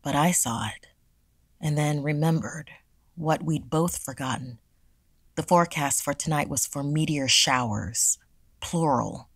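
A woman narrating a scripted horror story in a hushed, dramatic reading. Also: deep voice, a little slow, no echo. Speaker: podcast storyteller.

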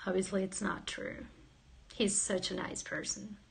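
A woman's voice: medium pitch, level tone, a little slow, creaky, breathy edge. A woman casually chatting on a livestream, playful and giggly, joking with viewers and reading their comments aloud. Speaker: livestream host.

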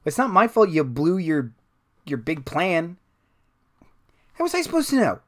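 A man's voice: on the high side, wildly swooping pitch, unhurried, a bit bright, voice pushed up, exaggerated voice. A man voicing a petulant, complaining young henchman overheard in a tabletop game. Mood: whiny.

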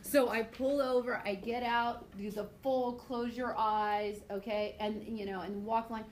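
A woman teaching a high school biology class, chatty and goofy, telling stories between points. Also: steady tone, unhurried, roomy sound, a little hiss or hum, low-quality recording. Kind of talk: classroom lecture with anecdotes.

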